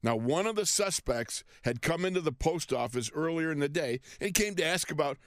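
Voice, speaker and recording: A man telling a story in animated chat, excitable, often laughing and repeating himself. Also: fairly high pitch, brisk, dry recording, studio quality.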